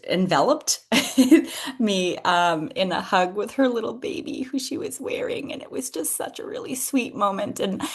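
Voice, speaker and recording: A woman hosting a solo podcast, talking through a personal reflection in a hesitant, emotional way, with restarts and soft laughs. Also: medium pitch, breathy edge. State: tearful at moments. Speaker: podcast host.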